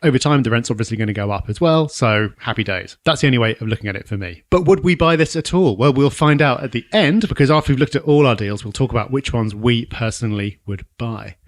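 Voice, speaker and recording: Fast-talking southern English man, dry mic. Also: medium pitch, lively intonation, no echo. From southern England. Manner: brisk and decisive, runs the numbers. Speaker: podcast co-host. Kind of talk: casual podcast discussion.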